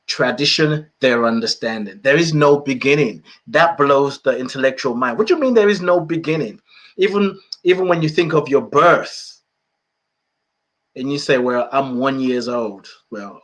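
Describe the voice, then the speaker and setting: A man's voice: medium pitch, fairly bright tone. A man from the United Kingdom hosting a podcast, talking reflectively about spirituality, repeating phrases and chuckling often. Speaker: podcast host.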